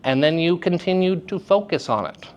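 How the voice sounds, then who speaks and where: A man teaching young actors in a lively, playful lecture, joking with the students. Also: on the high side, normal speed, dull audio. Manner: lively, playful, jokes with audience. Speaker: theater teacher. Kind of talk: lecture to high school students. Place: school hall with audience.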